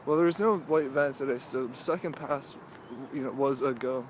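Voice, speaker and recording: A man's voice: medium pitch, slight background noise. Rambling young man vlogging while walking. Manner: rambling, halting, full of "like". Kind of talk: casual walking vlog monologue. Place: outdoors, walking through a cemetery.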